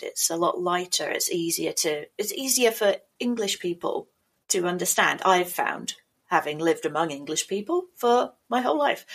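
A woman's voice: fairly low pitch, fairly bright tone. A woman co-hosting a casual podcast, explaining in a thoughtful way. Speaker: podcast co-host.

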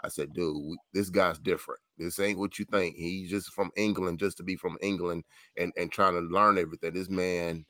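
A man's voice: sits low, steady tone, normal speed, bright, forceful tone, dry recording. A man co-hosting casual sports talk, earnest and emphatic. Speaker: co-host.

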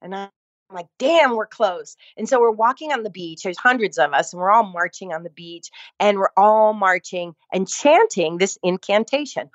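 A woman's voice: medium pitch, lively intonation, moderate pace, no room sound. Emphatic woman telling her story, dry lo-fi sound. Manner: emphatic, repeats phrases for effect. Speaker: guest, fitness instructor. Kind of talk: storytelling in a conversation.

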